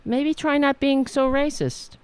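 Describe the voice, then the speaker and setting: A woman's voice: high-pitched, steady tone, unhurried, no room sound. A woman host ranting about politics, sarcastic and profane, mocking commenters. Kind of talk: angry political rant.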